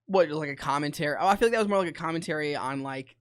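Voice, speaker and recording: A man co-hosting a podcast, talking casually about music and pausing often with fillers and restarts. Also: on the high side, clear, resonant tone. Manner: rambling, many fillers and restarts. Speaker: podcast co-host.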